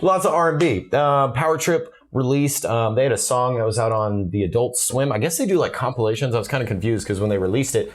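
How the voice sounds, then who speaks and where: A man's voice: medium pitch, brisk, few pauses. A man co-hosting a casual podcast, joking and laughing often as he talks. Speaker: podcast co-host. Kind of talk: casual chat.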